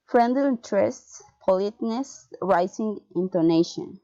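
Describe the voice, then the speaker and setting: A woman reading English pronunciation and intonation drills aloud, word by word, in a slow, careful manner. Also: medium pitch, a little mellow. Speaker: student. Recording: dull lo-fi sound.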